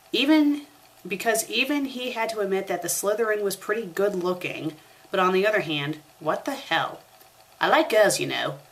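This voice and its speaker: A woman's voice: fairly low pitch, a bit bright. A young woman reading a story aloud for a comedic review, breaking off for sarcastic asides. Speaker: fanfiction reviewer.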